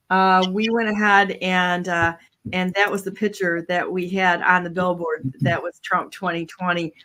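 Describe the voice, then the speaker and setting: Chatty female talk show host. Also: fairly low pitch. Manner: lively, laughs often, acts out what others said. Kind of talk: casual storytelling on a talk show.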